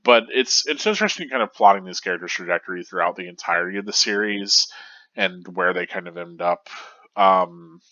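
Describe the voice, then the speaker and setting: Young guy with a stuffed-up nose, deep bright voice, rambling manga thoughts, dull dry mic. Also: brisk, no room sound. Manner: rambling, thoughtful, with many fillers and restarts. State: stuffy and congested. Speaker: manga review host. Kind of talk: casual analysis monologue.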